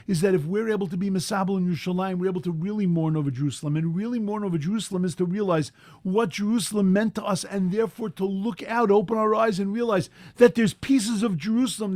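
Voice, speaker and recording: A man giving a sermon as a rabbi, impassioned, rising to loud emphatic peaks, mixing in Hebrew terms and translating them. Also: high-pitched, dry recording.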